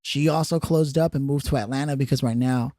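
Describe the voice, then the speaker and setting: A man co-hosting a podcast in casual chat, an animated storyteller who laughs easily and acts out quotes. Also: mid-range voice, a little fast. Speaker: podcast co-host.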